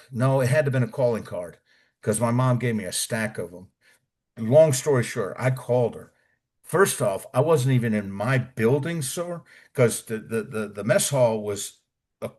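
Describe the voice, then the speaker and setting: A man's voice: medium pitch, a little mellow. A middle-aged American man, a former Army Ranger, casually telling stories of basic training, swearing and acting out what others said. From United States. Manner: colorful, profane, acts out quotes. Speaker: interview guest, retired Army Ranger. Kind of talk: casual storytelling.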